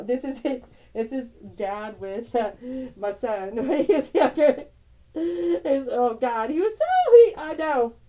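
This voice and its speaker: Middle-aged woman vlogger, warm mellow tone, rambling, tender, quick to laugh. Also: mid-range voice, rough recording. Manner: rambling, tender, laughs often, broken-off sentences. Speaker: tarot channel host. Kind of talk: casual emotional vlog, showing family photos.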